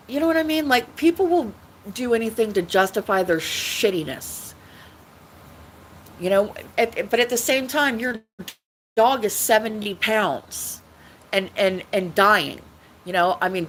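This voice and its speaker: Woman livestreaming, rambling and swearing, average pitch, faint background noise. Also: poor audio. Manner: rambling, repetitive, swearing often. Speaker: livestream host. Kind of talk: rambling casual livestream talk.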